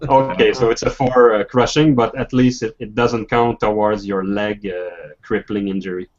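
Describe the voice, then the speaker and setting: A man's voice: lowish voice, fairly even intonation, a crowd in the background. Man running a tabletop game, lo-fi sound. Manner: halting, many restarts and fillers. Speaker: game master. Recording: dull lo-fi voice chat audio.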